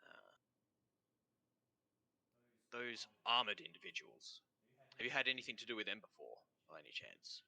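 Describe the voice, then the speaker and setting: This is a man doing a courteous Australian soldier who is friendly and polite but halting, full of little fillers. His voice is very deep and gravelly, with a hard, bright edge. It is a tabletop game character voice. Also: sing-song, heavily acted. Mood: curious. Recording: dull remote-call sound.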